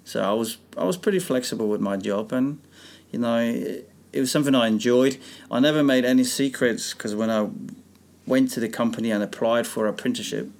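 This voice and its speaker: A man's voice: medium pitch, a little fast, a little mellow. A man chatting as an interview guest, telling stories about his racing days in a rambling way that keeps correcting itself. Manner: rambling, self-correcting storytelling. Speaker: guest, former speedway rider. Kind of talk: casual interview chat.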